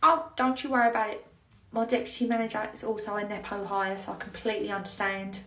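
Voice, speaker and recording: A woman's voice: mid-range voice, fairly even intonation, fast talker, fairly bright tone, reverberant, recorded from a distance, natural voice. Woman playing a chirpy British nursery nurse. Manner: polite, apologetic and chirpy. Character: adult British female nursery nurse, polite.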